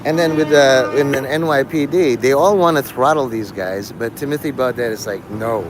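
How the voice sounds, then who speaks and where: A man's voice: mid-range voice, normal speed. A man hosting a live stream, talking in a rambling, profane monologue that jumps between topics. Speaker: livestream host. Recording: live stream with loud street noise.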